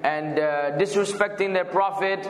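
Man, religious teacher, fairly high voice, patient explanations, echoey hall with long reverb. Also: a little slow. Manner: patient, explanatory, spells out words. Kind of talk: weekly Quran commentary class.

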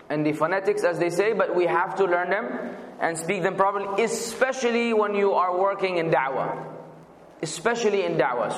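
A man teaching a weekly Quran commentary class, patiently explaining and spelling out words. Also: high voice. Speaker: religious teacher. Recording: echoey, reverberant hall.

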